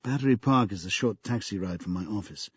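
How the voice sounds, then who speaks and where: A man's voice: lowish voice, a little fast, slightly rough, no echo, highs cut off. A man voicing a nervous young tycoon. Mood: explaining. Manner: hesitant, stumbling answers. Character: young male tech tycoon, nervous and evasive.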